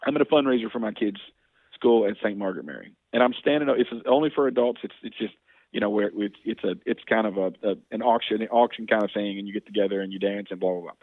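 Fast-talking gravelly man on a phone line. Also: on the low side, no echo. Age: 40s. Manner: earnest, rapid talker with frequent restarts. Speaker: state legislator, guest. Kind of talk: casual interview, storytelling.

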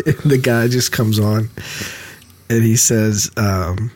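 A filmmaker co-hosting a podcast, chatting casually and telling stories with animation. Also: male voice, fairly low pitch, takes it slowly, pauses often, no room sound. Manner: animated storyteller, laughs while telling. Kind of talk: casual chat.

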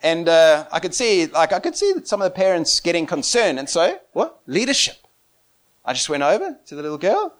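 A man preaching and telling a story with excitement. He laughs often and swings between quiet and loud. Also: a little high, fairly quick. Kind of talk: animated storytelling sermon.

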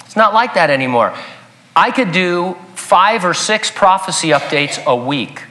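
A man's voice: fairly high pitch, expressive, normal speed, sharp tone. A man preaching a sermon in a conversational, emphatic way with joking asides. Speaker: pastor.

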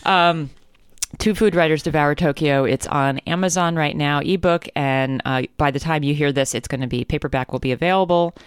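A woman's voice: low voice, normal speed, smooth, dry recording, studio quality. A woman from New Jersey co-hosting a casual podcast, teasing her co-host and laughing often. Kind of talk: casual chat.

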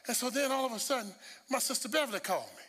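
A man preaching a sermon, telling stories with humor and repeating words when he rushes. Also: very high-pitched, breathy edge, in a large hall. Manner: animated storytelling with humor.

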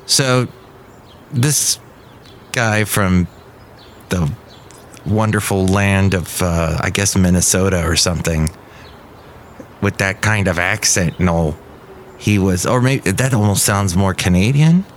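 A man's voice: low-pitched, takes it slowly, long pauses, a little hiss or hum. A man hosting a podcast, riffing in a rambling, sardonic comedic monologue, recorded outdoors. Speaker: podcast host. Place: outdoors outside a café.

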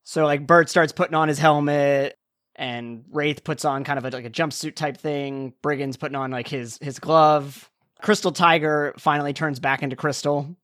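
A man's voice: fairly high pitch, fairly even intonation, normal speed, a bit bright, no echo, studio quality. A man narrating a tabletop game as game master, describing the scene loosely with plenty of "like" and "kinda".

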